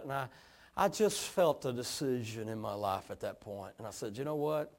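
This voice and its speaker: A middle-aged man from East Tennessee with a hillbilly accent, preaching a sermon in a folksy, drawling manner that moves between quiet storytelling and fervent exhortation. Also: medium pitch, expressive, fairly quick. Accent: East Tennessee Appalachian. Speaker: pastor.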